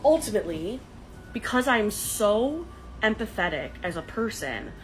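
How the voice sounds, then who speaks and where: A woman's voice: fairly low pitch, a bit bright, slight background noise, rough recording. A young woman telling a dating story to her phone camera in a casual, dramatic, sarcastic way. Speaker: dating content creator.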